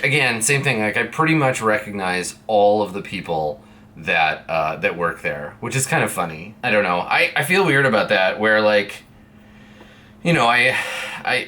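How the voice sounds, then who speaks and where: A man's voice: fairly low pitch, bright, forceful tone, a little hiss or hum. A young man from Canada chatting casually to camera in a vlog, rambling through stories from a friend's streaming room. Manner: rambling, chatty, with playful put-on voices in quoted dialogue. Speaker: vlogger. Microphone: streaming setup mic.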